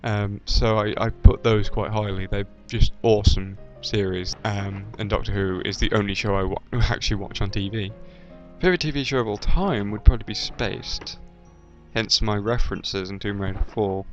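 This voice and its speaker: This YouTube let's-player, a young man from the English Midlands, has a generic British accent with a slight Midlands touch and a lowish, steady voice at moderate pace. Rambling and hesitant in a casual video chat, he keeps saying um and restarting, while the dull lo-fi audio carries faint game music.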